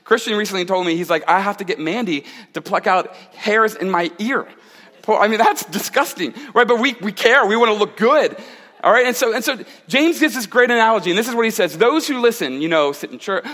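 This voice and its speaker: A man with a high voice preaching to a congregation in a big sanctuary. He sounds lively and chatty and throws in jokes and asides. The hall gives his voice a long, ringing reverb. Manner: animated, jokey, conversational preaching with asides to the congregation. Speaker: pastor. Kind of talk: sermon.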